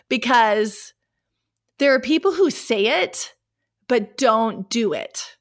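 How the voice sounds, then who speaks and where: A middle-aged woman hosting a solo podcast, her voice scratchy from a cold, talking animatedly, laughing and clearing her throat. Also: on the high side, lively intonation, slow. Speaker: podcast host. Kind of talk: casual solo podcast talk.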